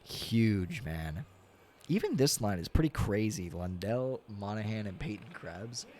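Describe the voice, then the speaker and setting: A young man streaming a hockey video game, casually commenting, swearing a lot and yelling at big plays, tired and yawning. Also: fairly low pitch, a little slow. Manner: excitable, swears often, yells at big plays. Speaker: gaming streamer.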